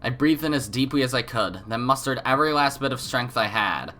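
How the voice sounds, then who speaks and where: A man's voice: medium pitch, expressive, fairly quick, pushed and bright, slight background noise. Man reading game narration with a cold. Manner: casual, jokey asides between reading. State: has a cold. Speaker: let's play host.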